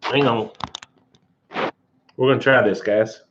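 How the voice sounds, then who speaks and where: A man's voice: medium pitch, steady tone, slow pace, lo-fi sound, background noise. A man hosting a casual live stream, rambling and folksy with frequent chuckles. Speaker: outdoor channel host.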